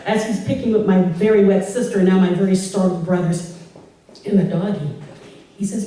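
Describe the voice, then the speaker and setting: A woman telling a personal story live on stage, animated and laughing through it. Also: mid-range voice, fairly quick. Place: live storytelling event in a hall. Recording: echoey hall, voice from far off.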